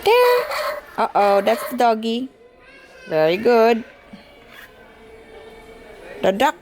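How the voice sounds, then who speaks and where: A woman showing a baby a sound book, speaking in a gentle sing-song and imitating animal noises. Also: a little high, slow pace, over music. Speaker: caregiver playing with a baby.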